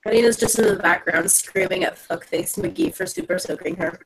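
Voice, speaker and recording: A woman's voice: on the high side, sing-song, moderate pace, creaky, slightly rough, rough recording. A woman playing a tabletop game, joking casually with the group. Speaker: player.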